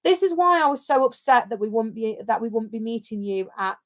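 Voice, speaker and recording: A woman's voice: fairly high pitch, expressive, brisk. A British woman co-hosting a casual livestream, chatting in a rambling, jokey way. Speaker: livestream co-host.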